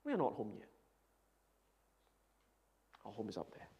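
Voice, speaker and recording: A man's voice: on the low side, huge pitch swings, normal speed, mellow, slightly rough, highs cut off. A man preaching a sermon as pastor, speaking earnestly and emphatically, with repeated phrases.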